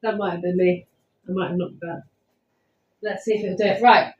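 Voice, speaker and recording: A woman's voice: lowish voice, fairly even intonation, moderate pace, highs cut off, noisy background. A woman, chatting casually and rambling with lots of ums while streaming live from a house at night on a phone. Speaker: paranormal investigator streaming live. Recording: roomy echoey house.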